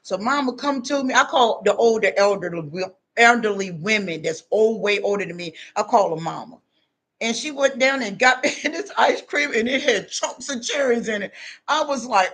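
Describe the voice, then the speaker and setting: A woman, giving a loud, animated motivational talk to her viewers and laughing often. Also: a little high, moderate pace. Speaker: online talk host.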